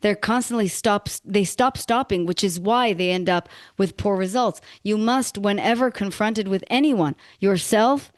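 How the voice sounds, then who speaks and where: A woman's voice: mid-range voice, unhurried, few pauses, no echo, clean studio sound. A woman hosting a coaching podcast, reflecting at length and affirming her guest. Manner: warm affirmations, reflective, quotes philosophers. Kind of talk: interview conversation.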